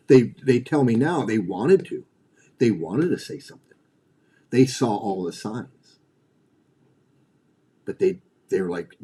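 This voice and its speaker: Middle-aged guy ranting on his stream, cussing a lot, pitch all over the place. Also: very animated, measured pace, pauses often, warm tone, breathy edge. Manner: blunt, profane, heated; repeats and restarts phrases. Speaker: livestream host. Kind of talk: ranting livestream talk.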